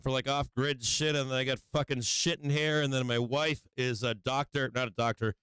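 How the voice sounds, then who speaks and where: A man hosting a live stock market stream from his home office, swearing constantly and talking in an agitated, rapid-fire way. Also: medium pitch, fairly even intonation, a bit bright, clear, resonant tone, dry recording. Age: adult with children. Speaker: stock market livestream host. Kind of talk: live market commentary to viewers.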